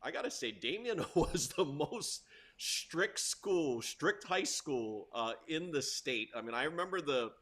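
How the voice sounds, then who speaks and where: A middle-aged man from Hawaii, a tennis coach, telling stories from his school years as a guest, laughing often and getting loud at the tense moments. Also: fairly high pitch, expressive, a little slow. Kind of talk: storytelling interview.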